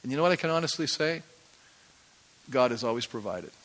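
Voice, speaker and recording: A man's voice: medium pitch, animated, fairly quick, fairly bright tone. A man in his sixties, a pastor giving a conversational sermon and asking the congregation rhetorical questions. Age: 60s.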